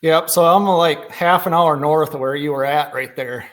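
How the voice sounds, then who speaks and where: A middle-aged man with a Minnesotan accent, his voice sitting a little high for a man. He tells rambling, folksy stories in casual chat and laughs often. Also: normal speed, a bit bright. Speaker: podcast guest.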